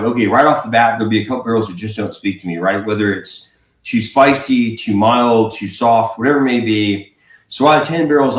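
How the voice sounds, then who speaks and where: A man, a whiskey blender, speaking casually as a livestream guest, relaxed and rambling with fillers and restarts. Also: medium pitch, roomy sound, rough recording. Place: home.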